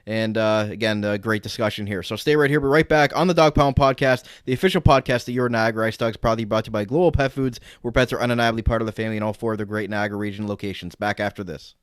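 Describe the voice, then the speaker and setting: A man hosting a sports podcast, wrapping up a segment and leading into a sponsor break with brisk, upbeat delivery. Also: fairly low pitch, clear, resonant tone, dry recording, clean studio sound. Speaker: podcast host.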